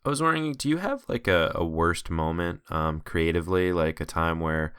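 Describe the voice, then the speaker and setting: A man's voice: low-pitched, expressive, moderate pace, a bit bright, smooth, no echo. A man hosting a podcast interview, chatty and encouraging, with many fillers. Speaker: podcast host. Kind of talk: casual interview talk.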